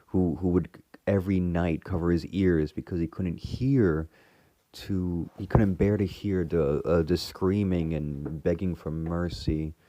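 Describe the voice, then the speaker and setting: Male fan reviewer, low mellow voice, rambling casual recap with lots of fillers. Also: dry recording. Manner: rambling, full of fillers and restarts. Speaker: fan reviewer retelling a TV episode.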